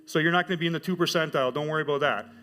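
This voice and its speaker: A middle-aged man telling his church testimony as a teacher, with animated storytelling. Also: on the high side, very fast. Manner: animated storytelling, acts out quoted voices. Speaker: high school teacher giving a testimony.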